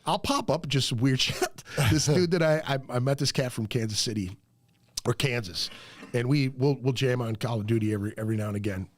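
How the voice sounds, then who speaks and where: A man's voice: medium pitch, fairly quick. A man in his fifties hosting a podcast, swearing freely and telling stories with laughs in casual chat. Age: 50s. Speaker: podcast host. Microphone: studio mic.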